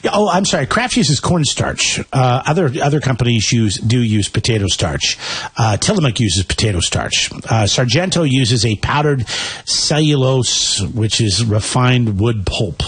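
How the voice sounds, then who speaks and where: A man co-hosting a radio morning show, chatting casually on air in a playful, animated way. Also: mid-range voice, a little slow, breathy edge. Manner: animated, playful, reads out facts. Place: radio studio.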